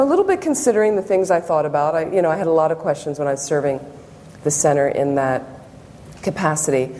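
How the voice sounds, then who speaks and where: A woman's voice: low voice, mellow. A Buddhist nun giving a public talk, telling personal stories and acting out her own inner thoughts. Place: meditation center hall. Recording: long hall reverb, faint background noise.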